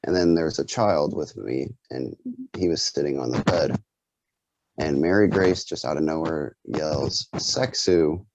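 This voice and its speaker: A man's voice: rumbling low, a little slow, a little mellow, no room sound. A man casually recounting a story in a loose way with fillers, over dry, dull video call audio. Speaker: group member telling a dream.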